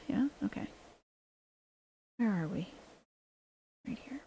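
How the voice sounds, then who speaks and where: Gravelly, gossipy woman livestreamer. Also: mid-range voice, a little slow. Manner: animated, gossipy storytelling to a friend. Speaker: livestream host. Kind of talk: casual livestream chat.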